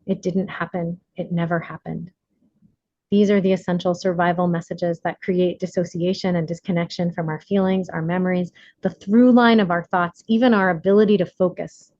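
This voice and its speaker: A woman reading her own self-help book aloud, earnest and deliberate, at a middle pitch. Her words come through a dry, somewhat dull recording with no room sound. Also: darkish tone, dry recording.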